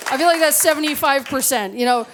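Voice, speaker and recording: Woman, stand-up comic, sarcastic storyteller, fairly high voice, live club stage mic. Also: quick pace, fairly bright tone, a faint crowd, slight background noise. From Canada. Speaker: stand-up comedian. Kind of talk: stand-up comedy set. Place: comedy club stage before a live audience.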